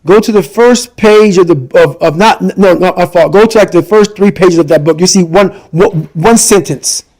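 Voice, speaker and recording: A middle-aged man giving an intense motivational talk as a podcast guest, forceful and repetitive in his emphasis. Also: high voice, normal speed.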